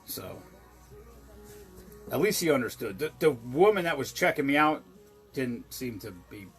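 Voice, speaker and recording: A man's voice: mid-range voice, lively intonation, a little slow, faint music behind. A tipsy man hosting a drinks show from his home bar, rambling and swearing through casual stories with frequent giggles. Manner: profane, rambling, giggly storyteller. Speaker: show host mixing drinks. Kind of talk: casual chat.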